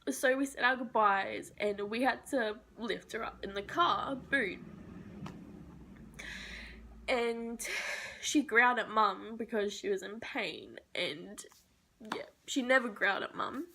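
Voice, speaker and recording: Tearful young woman with a bright voice. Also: a little high, takes it slowly, creaky, long pauses. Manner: tearful, emotional, voice breaking into whispers. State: crying. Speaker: vlogger. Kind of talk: personal storytelling vlog.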